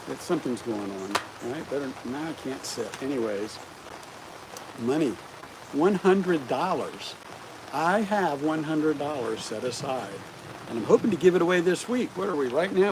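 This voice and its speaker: Lively man streaming in rain. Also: fairly high pitch, moderate pace. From United States. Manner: animated, keeps asking the viewers rhetorical questions. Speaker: livestream host. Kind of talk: casual livestream chat. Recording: rain noise clearly audible outdoors.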